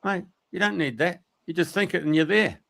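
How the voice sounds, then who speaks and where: A man's voice: sits high, brisk, vocal fry, fairly bright tone, pitched above the performer's own voice. A man voicing a cheeky little male nature sprite, curious and blunt.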